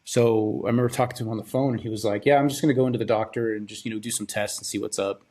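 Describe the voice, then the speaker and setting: A young man hosting a podcast, telling a personal story in a halting, subdued, grieving way, often trailing off and repeating words. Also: lowish voice, fairly even intonation, dark tone. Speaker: podcast host.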